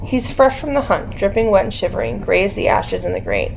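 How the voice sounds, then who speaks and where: A woman narrating an audiobook in a measured, dramatic way. Her voice has a creaky, gravelly texture at a middle pitch. Faint noise sits underneath. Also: wildly swooping pitch, low-quality recording. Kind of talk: scripted narration.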